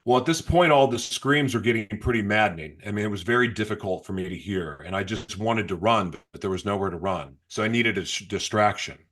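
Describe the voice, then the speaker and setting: A man telling his personal story as an interview guest, halting and restarting, sometimes reliving his past outbursts. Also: on the low side, a bit bright. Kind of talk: emotional personal testimony.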